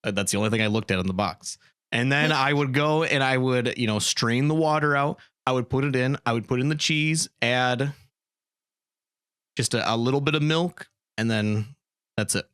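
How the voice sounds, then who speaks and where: A man's voice: mid-range voice, normal speed, fairly bright tone, clean tone, no echo. Rambling man in a dry close room. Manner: rambling, repeats words when restarting. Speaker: podcast host. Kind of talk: casual podcast chat.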